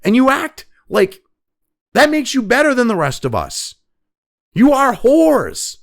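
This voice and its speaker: A man's voice: very high voice, wildly swooping pitch, moderate pace, vocal fry, a bit bright. A man in his fifties hosting a political commentary show, ranting angrily and mockingly with heavy swearing. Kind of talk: profane opinion rant.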